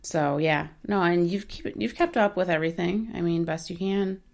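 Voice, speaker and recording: A woman's voice: fairly low pitch, moderate pace, gravelly. A woman from the United States, a guest on a podcast, chatting candidly and easily with a wry edge. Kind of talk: casual podcast chat.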